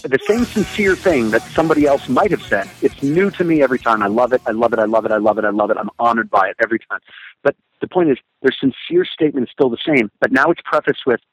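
A man speaking as a podcast guest and motivational speaker, telling stories with animated, emphatic repetitions. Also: mid-range voice, quick pace, faint music behind, rough recording. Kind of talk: casual conversation.

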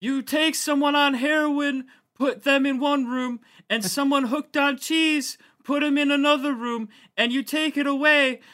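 Impression: a man playing a booming, raspy city mayor, high and forceful. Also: fairly even intonation, a little slow, few pauses, exaggerated voice. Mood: emphatic.

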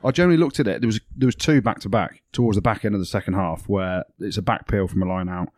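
Laughing man, low voice, dry studio. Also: fast talker, no room sound. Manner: laughs often, animated storytelling. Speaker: podcast co-host, rugby commentator. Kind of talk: casual chat.

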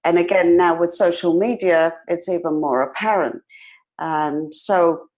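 A woman in her sixties with a British accent that carries some New York twang. She tells her stories in a lively way, acting out quoted voices and laughing often. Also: lowish voice, a little slow, low-quality recording. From Britain. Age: 60s. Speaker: hair industry educator and guest. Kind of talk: casual podcast interview.

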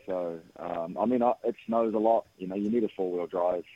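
Low-voiced New man on a phone line. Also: a little fast, dry recording. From New Zealand. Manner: relaxed, many fillers and restarts. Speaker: radio guest, sports coach. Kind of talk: phone interview.

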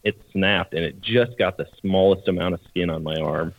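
A man on a podcast casually telling a hunting story in a relaxed, chatty, plain-spoken way. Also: low-pitched, moderate pace, dry recording, phone-quality sound. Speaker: podcast co-host, hunter.

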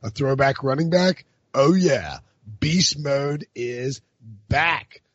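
A man with a low, gruff voice hosting a casual sports chat, joking and laughing. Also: slow, no echo, muffled recording. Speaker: podcast host.

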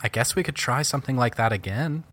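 A man playing a tabletop game, speaking in a hesitant, halting way. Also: mid-range voice, lively intonation, fairly bright tone, dry recording, clean studio sound. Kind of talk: casual in-character play.

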